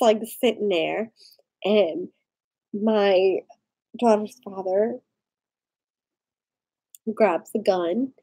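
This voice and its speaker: Tipsy, husky-voiced woman rambling. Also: medium pitch, dark tone. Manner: rambling, lots of "like". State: drunk. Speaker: vlogger. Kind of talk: tipsy casual storytelling.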